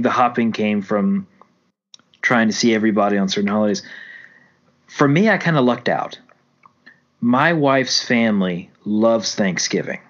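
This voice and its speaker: A man co-hosting a casual podcast, telling long rambling stories and correcting himself as he goes. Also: on the low side. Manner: rambling, self-correcting storyteller. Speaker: podcast co-host. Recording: dull lo-fi sound.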